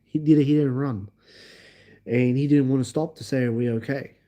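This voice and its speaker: A man hosting a livestream, telling a story in an animated, emphatic way and acting out the scenes. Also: medium pitch, moderate pace. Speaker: livestream host. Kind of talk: casual storytelling.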